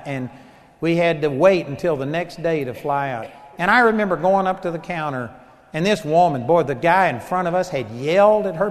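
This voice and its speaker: A man with a Texan accent preaching a sermon as pastor, telling stories and swinging between loud emphasis and soft asides. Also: a little high. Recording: long hall reverb.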